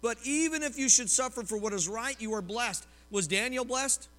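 Preaching with energy at a moderate pace, a bright, high-voiced man who pastors in Oklahoma, US, tells personal stories and poses questions to his congregation. A long hall reverb trails his sermon.

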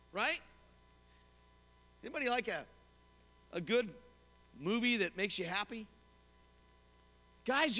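A man preaching a sermon as pastor to his congregation, animated and often asking them questions. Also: extremely high pitch. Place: church sanctuary. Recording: long hall reverb.

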